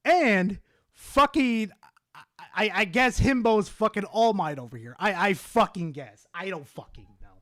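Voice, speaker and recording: High, animated, foul-mouthed streamer man. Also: measured pace. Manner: profane, excitable, swings from muttering to yelling. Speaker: streamer reading live chat. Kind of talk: casual livestream chat.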